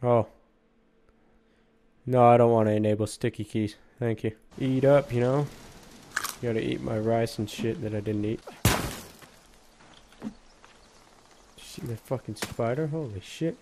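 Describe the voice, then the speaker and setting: A man's voice: medium pitch, measured pace, pauses often, noisy background. A man giving casual, crude, joking commentary over a video game, swearing often. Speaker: gameplay commentator. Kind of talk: casual let's play commentary.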